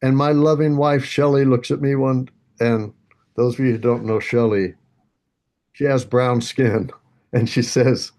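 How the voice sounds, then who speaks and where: A man's voice: medium pitch, fairly even intonation, unhurried, a little mellow. A man in his sixties, a senior yoga teacher, telling a personal story on a video call with humor and self-mockery, acting out other voices and laughing often. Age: 60s.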